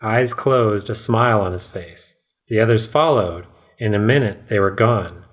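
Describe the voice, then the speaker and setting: A man's voice: on the low side, a little slow. Man narrating a story aloud. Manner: steady reading, laughs between passages. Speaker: host, narrator.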